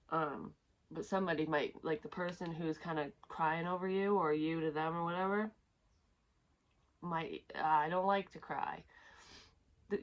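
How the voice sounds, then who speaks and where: Psychic medium, woman, low-ish voice; casual, profane, rambling delivery. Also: low-quality recording. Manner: candid and profane, talks in a rambling flow. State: close to tears at times. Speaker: psychic medium giving a reading. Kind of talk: casual intuitive reading to camera.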